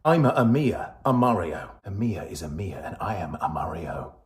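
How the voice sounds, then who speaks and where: A man doing a gruff amateur Mario. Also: low voice, big pitch swings, normal speed. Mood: goofy. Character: crude amateur Mario impression, gruff and goofy.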